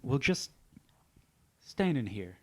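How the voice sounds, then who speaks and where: A blunt, melodramatic small-town woman who sells tires, played by an improviser. Her pitch swings widely and she talks slowly, stammering over her words. This is improvised comedy acting. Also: very animated, a little mellow. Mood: awkward.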